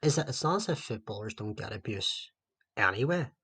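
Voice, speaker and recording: A man's voice: on the low side, animated, a little fast, fairly bright tone, slightly rough. A man with a Northern Irish accent co-hosting a casual podcast chat with mates, telling sweary, banter-heavy stories. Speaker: podcast co-host.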